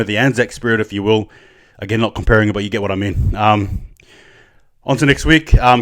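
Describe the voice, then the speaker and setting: A man hosting a fan channel, giving an impassioned, ranting review that swings between anger and pride. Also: lowish voice.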